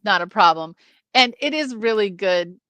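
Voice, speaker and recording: A woman co-hosting a casual film discussion, animated and jumping into movie lines. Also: normal speed, no room sound. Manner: animated, acts out movie lines with sudden pitch jumps. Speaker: film review co-host.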